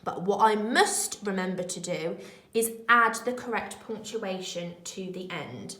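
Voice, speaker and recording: A woman primary school teacher talking young children through a remote lesson, slow, clear and encouraging. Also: mid-range voice, animated, sharp tone, roomy sound, rough recording.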